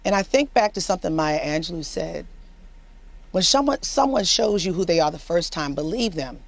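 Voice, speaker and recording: A woman's voice: on the low side, expressive, normal speed, creaky, no room sound. A woman political commentator speaking with emphatic passion on a news panel, often repeating words as she presses her point. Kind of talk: impassioned panel discussion.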